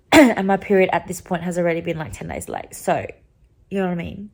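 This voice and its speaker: A young woman vlogging straight into a handheld camera in a casual, rambling way. Her voice sits a little low. She fills her talk with "like" and "um" as she goes. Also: big pitch swings, a little fast. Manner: chatty and rambling, heavy on "like" and "um".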